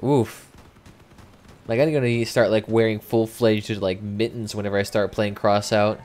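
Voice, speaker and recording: A man's voice: lowish voice, level tone, moderate pace, darkish tone. A young man commentating casually as he livestreams a game, chatting with viewers and swearing freely. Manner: chatty, swears freely, reads chat aloud. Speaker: gaming livestreamer. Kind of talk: casual live commentary while playing.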